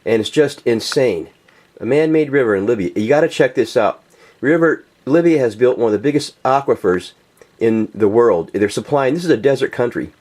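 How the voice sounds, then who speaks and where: A man's voice: medium pitch, lively intonation, normal speed, darkish tone. Heated man ranting on camera. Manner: heated, profane, many fillers and restarts. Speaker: political video commentator. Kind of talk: casual ranting monologue.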